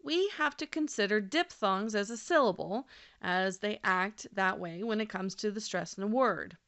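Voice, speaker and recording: A woman narrating a scripted language lesson, speaking clearly and deliberately and slowing down to model example words. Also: medium pitch, fairly bright tone. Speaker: language teacher.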